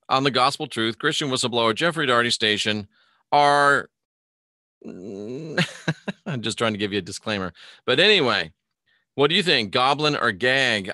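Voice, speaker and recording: A man's voice: medium pitch, bright, forceful tone, no room sound, studio quality. A man hosting a live online show in a casual, rambling way, reading a news article aloud, commenting on it and greeting chat viewers by name.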